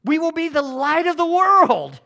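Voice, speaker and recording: A man's voice: extremely high pitch, very animated, a little slow, creaky, sharp tone, muffled recording. A male pastor preaching a sermon to a congregation, emphatic and calling for responses. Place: church service with a congregation.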